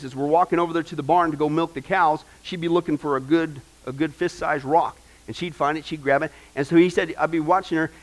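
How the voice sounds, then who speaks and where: Animated high-voiced male preacher. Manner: animated storytelling, many fillers. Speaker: pastor. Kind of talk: sermon.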